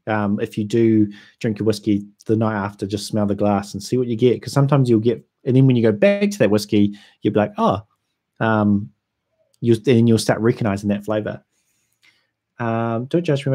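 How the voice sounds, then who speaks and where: A young man with a New Zealand accent, hosting a casual livestream and chatting through viewer comments in a relaxed way with frequent ums. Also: lowish voice. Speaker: whisky YouTuber hosting a livestream.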